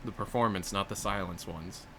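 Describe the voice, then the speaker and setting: A man's voice: sits low, normal speed, background noise. A young man streaming, chatting casually and rambling while he reads out donations, into a desktop USB mic. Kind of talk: casual livestream chat.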